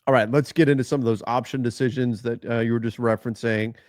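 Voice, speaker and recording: A man co-hosting a casual sports talk show, laying out his points in a measured way. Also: mid-range voice, fairly even intonation, darkish tone, dry recording, studio quality. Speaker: co-host.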